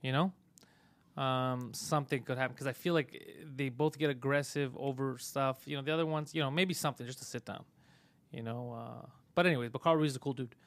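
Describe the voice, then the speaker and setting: A man hosting a casual live-stream podcast, swearing freely and telling stories with animated energy. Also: mid-range voice, a little fast, no echo. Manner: profane, animated storytelling. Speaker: podcast host.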